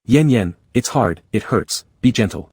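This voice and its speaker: A clingy young male actor who whines and pleads like a child, as a man reads him. The voice sits fairly low with a husky edge. It sounds close and dry. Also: animated, unhurried, a little mellow, dry recording, exaggerated voice. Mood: pouty whining.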